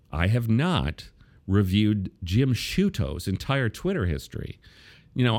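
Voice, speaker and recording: A man hosting a podcast, delivering a political commentary monologue with wry, sarcastic asides. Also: on the low side. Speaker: podcast host.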